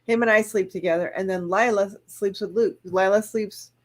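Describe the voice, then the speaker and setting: A woman's voice: medium pitch, steady tone, normal speed. A woman co-hosting a casual chat, friendly and chatty. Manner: friendly, chatty, gushes over cats.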